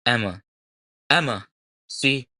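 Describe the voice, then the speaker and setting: A man voicing a frightened immigrant mother who speaks in halting, broken phrases. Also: mid-range voice, pushed and bright, dry recording, studio quality, full character voice.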